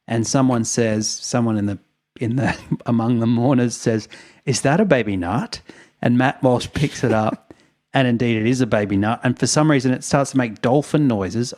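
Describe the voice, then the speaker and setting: A man's voice: medium pitch, darkish tone. A man, co-hosting a podcast, retelling events in a rambling, wry way with chuckles. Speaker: podcast co-host. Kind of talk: casual storytelling chat.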